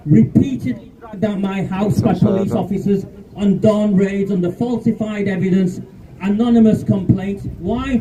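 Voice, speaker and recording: A man's voice: high voice, dull audio, noisy background. Angry fifty-something man at an outdoor rally. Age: 50s. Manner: angry, defiant, emphatic. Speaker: rally speaker. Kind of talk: impassioned protest speech. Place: outdoor street protest. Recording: distant outdoor mic.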